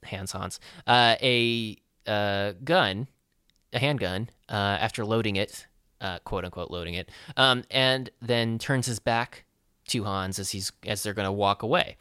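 A man with a low, bright, crisp voice talks through a film scene in a relaxed podcast chat. He halts often and fills pauses with ums and uhs. The sound is close and dry. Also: dry recording. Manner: halting, filler-heavy recap. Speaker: podcast co-host. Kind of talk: casual movie discussion.

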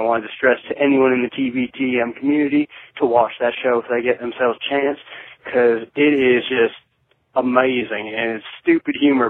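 A man calling in to a podcast, doing a put-on Southern US accent and rambling through playful shout-outs. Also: medium pitch, no echo. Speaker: caller. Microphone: phone call. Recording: tinny phone line.

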